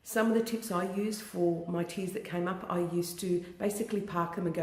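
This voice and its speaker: An EFT tapping practitioner leading a guided tapping session, speaking in slow, repetitive, soothing phrases. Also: medium pitch, fairly even intonation, darkish tone. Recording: roomy echo.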